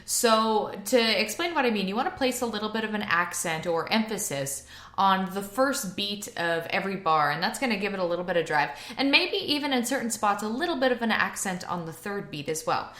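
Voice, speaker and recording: A woman's voice: medium pitch, expressive, brisk, fairly bright tone. A woman teaching a piano lesson in a casual video, chatty and prone to rambling asides.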